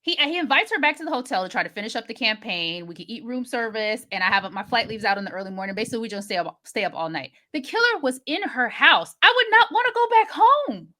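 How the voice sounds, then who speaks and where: A woman co-hosting a podcast, recapping a movie in casual chat with expressive, exasperated asides. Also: a little high, quick pace, hardly any pauses. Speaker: podcast co-host.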